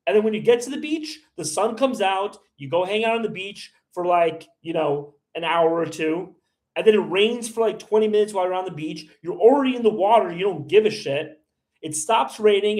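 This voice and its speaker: A livestream host answers viewer comments in a blunt, heated rant. His voice is high and a little mellow.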